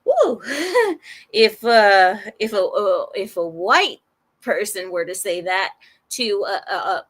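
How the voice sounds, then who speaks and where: A woman of Arab heritage giving casual news commentary, sarcastic and animated, with rambling restarts. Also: mid-range voice, takes it slowly. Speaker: commentary channel host.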